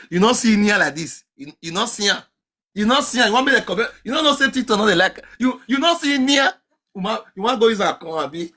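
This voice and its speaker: A man with a Nigerian accent chatting on a live stream, chanting sing-song calls and swinging between loud shouts and low mutters. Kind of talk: casual live-stream chat to viewers.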